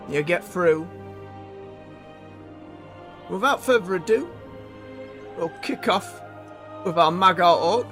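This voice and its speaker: A man's voice: high voice, fairly bright tone. A man chatting casually as he plays a video game on stream, thinking aloud and correcting himself.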